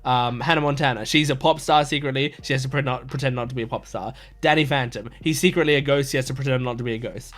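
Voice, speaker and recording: With a voice on the high side and a fairly bright tone, this man in his twenties rambles eagerly about an anime episode. He runs an anime reaction channel on YouTube, and his casual talk is packed with fillers and false starts.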